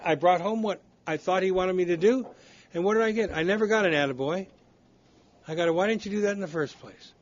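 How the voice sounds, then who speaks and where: An older man speaking at a recovery meeting, telling his own stories bluntly and poking fun at himself. His voice sits a little high for a man. The recording is dull and lo-fi. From United States. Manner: candid storytelling, blunt and self-deprecating. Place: meeting room.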